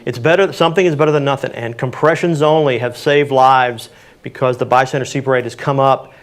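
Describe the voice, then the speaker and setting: A man's voice: medium pitch, steady tone, a little fast. A man answering audience questions on CPR in a community panel, practical and plain-spoken with frequent fillers.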